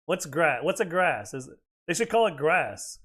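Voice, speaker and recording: A slightly high male voice with big pitch swings, a measured pace, a bit of brightness and a breathy edge. The speaker is an American streaming a video game, chatting casually and profanely and rambling between reactions to his play.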